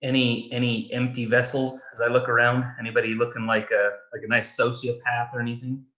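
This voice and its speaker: A man's voice: mid-range voice, level tone, a little fast, sharp tone, lo-fi sound. A man playing a tabletop game casually, eager and joking. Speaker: player.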